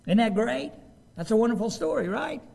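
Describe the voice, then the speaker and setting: A man's voice: very high-pitched, expressive, fairly quick, gravelly, a little mellow, slightly rough. A man preaching a sermon, reading scripture aloud and stopping to ask his listeners emphatic rhetorical questions. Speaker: pastor.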